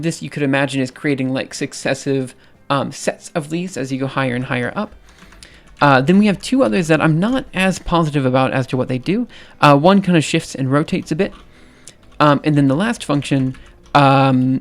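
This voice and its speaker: A young man hosting a live stream, his voice light and somewhat androgynous, sitting a bit higher than most men's. He talks in a loose, rambling way, full of ums and restarts, and laughs easily. His voice has a noticeable gravelly fry. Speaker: livestream host. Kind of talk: casual live-stream chat.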